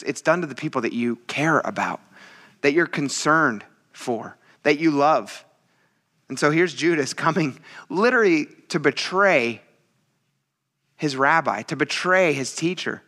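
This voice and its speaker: A man's voice: on the high side, bright, forceful tone. A man preaching a casual sermon in a chatty, teasing, self-mocking way. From military veteran. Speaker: pastor.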